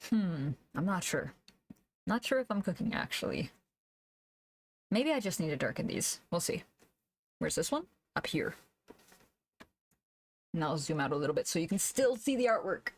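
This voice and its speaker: A woman streamer chatting casually while she draws, thinking aloud, humming to herself and laughing softly, into a desk microphone. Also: lowish voice, sing-song, moderate pace, pauses often. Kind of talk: casual live-stream chat while drawing.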